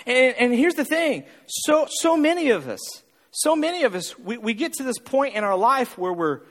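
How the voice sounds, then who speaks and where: A man's voice: extremely high pitch, sing-song, moderate pace, fairly bright tone, in a large hall. A male pastor preaching a sermon, pressing his point with repeated lines and rhetorical questions.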